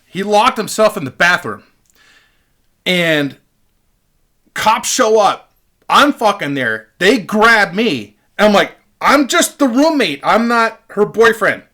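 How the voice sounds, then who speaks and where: A man's voice: high-pitched, bright, forceful tone. A man casually telling a rambling, profane story straight to his webcam, with lots of fillers. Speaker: vlogger. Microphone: webcam picking up the mic closely.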